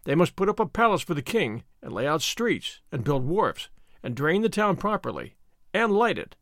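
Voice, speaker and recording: Guy reading as a brash young consul, big talk, high lively voice, dry sound. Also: normal speed, dry recording. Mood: enthusiastic. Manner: forceful, boastful declarations. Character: bold boastful young American consul, man.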